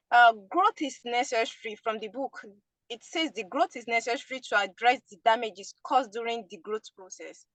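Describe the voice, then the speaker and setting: Woman from Nigeria, workshop participant, fairly high voice, dry close sound, formal questioning. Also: fairly bright tone, dry recording. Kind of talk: asking a prepared question.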